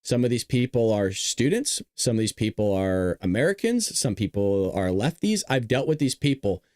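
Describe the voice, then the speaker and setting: A man's voice: fairly low pitch, very animated, moderate pace, a little mellow, no room sound, clean studio sound. A male show host giving blunt, scornful political commentary, reacting to clips.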